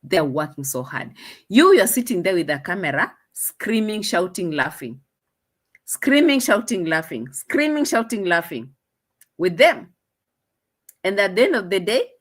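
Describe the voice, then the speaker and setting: A young Kenyan woman with a lowish voice and a Kenyan accent chats through a casual commentary vlog, mocking her subject and laughing often.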